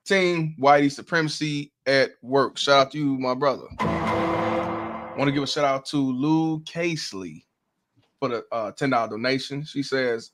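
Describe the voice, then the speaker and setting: A man hosts a casual livestream talk in a relaxed, easygoing way. He reads out donation shout-outs and calls his guest "bro" throughout. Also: medium pitch, normal speed. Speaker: show host.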